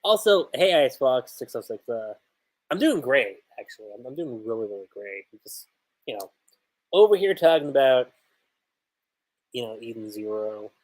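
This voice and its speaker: A man's voice: medium pitch, big pitch swings, normal speed, long pauses, a little mellow, low-quality recording. A man hosting a casual livestream manga chapter review. He thinks aloud, restarts often and laughs.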